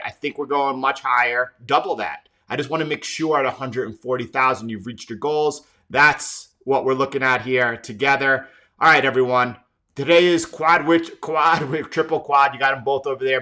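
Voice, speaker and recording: A man's voice: mid-range voice, sharp tone. A man hosting a live trading stream, talking emphatically and often repeating and restarting his words. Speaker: trading livestream host. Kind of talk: live market commentary.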